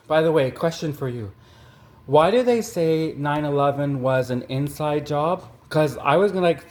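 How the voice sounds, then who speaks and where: Man from canada, deadpan satirical monologue, rambling, fillers and restarts, mid-pitched voice. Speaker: comedian.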